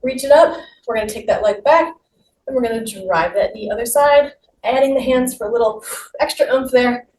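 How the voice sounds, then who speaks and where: A woman's voice: fairly high pitch, normal speed, a little mellow. Upbeat woman leading an exercise class. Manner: upbeat, encouraging cues while exercising. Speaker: fitness instructor. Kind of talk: guided exercise class instruction. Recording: roomy, distant mic with faint noise.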